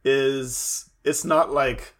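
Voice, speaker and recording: A man of middling pitch chatting casually as a podcast co-host. He makes dry, sardonic remarks in an easygoing way. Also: fairly even intonation, drawn-out words, a bit bright. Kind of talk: casual chat.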